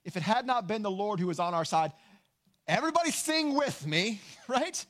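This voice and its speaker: A man preaching a sermon, earnest and emphatic, slowing down to stress key lines. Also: high-pitched, animated, a bit bright. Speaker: pastor.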